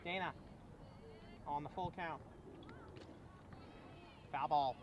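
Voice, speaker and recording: A man doing live play-by-play for a high school softball game, calling each pitch in short bursts. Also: slow, dull audio. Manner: terse calls of each pitch. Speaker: play-by-play announcer. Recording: outdoor broadcast with clear background noise.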